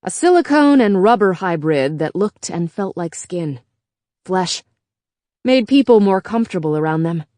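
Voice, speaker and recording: A woman reading a novel aloud as a measured first-person audiobook narrator. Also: fairly low pitch, lively intonation, mellow, no echo, studio quality. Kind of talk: scripted narration.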